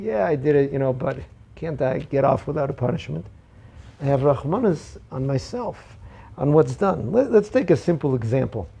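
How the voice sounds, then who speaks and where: Gravelly, husky Torah teacher, man. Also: fairly high pitch, mellow. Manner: storytelling, acts out quotes. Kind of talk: Torah class with parables.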